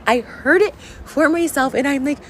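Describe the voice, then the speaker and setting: A woman's voice: sits high, moderate pace, a bit bright, slight background noise. A young adult woman vlogging unscripted to her viewers, upset and venting in a rambling way, full of "like". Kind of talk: unscripted vlog rant to camera.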